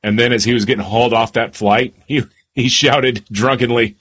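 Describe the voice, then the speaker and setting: A man co-hosting a talk show, telling a story in an animated, amused way. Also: mid-range voice, normal speed, husky. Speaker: co-host. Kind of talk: casual talk show chat.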